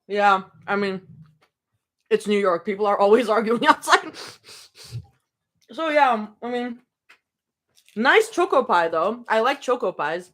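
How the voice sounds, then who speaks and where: A woman's voice: medium pitch, lively intonation, a little slow, pauses often, fairly bright tone. A young woman streaming from home, chatting casually and rambling between snacks during a live reading. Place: home room.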